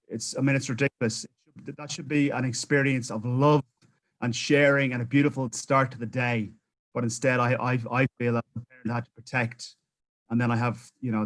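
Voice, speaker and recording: A man's voice: medium pitch, a bit bright, poor audio. Impassioned New Zealand man pleading. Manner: impassioned, pleading, frequent restarts. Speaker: public submitter at council hearing. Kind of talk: public testimony.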